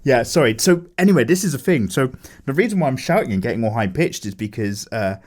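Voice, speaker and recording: A man casually chatting with viewers while drawing, animated, with lots of fillers as he reads chat aloud. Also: mid-range voice, fast. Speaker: art streamer chatting with viewers.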